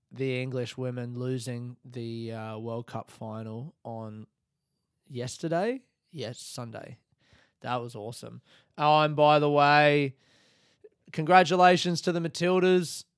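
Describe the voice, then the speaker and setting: Speaking slowly in a smooth, medium-pitched voice, an Australian man hosts a solo podcast with casual, animated storytelling. He swears plenty and gets worked up, and the sound is dry and clean, like a studio.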